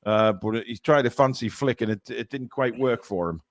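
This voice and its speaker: A man hosting live fan commentary of a football match, calling the play-by-play and bursting into shouts at big chances. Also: medium pitch, normal speed.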